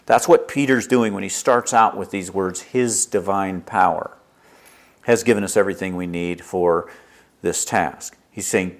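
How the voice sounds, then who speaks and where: A man preaching a sermon, lively and storytelling, acting out little dialogues as he explains a passage. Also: low-pitched, measured pace. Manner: lively preaching, acts out dialogue with God in his stories. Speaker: pastor.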